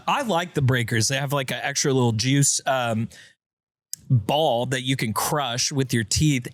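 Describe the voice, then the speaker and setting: A man's voice: mid-range voice, a bit bright, no room sound. A man hosting a podcast, talking in a laid-back, rambling way and reading an ad. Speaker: podcast host. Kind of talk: casual chat with an ad read.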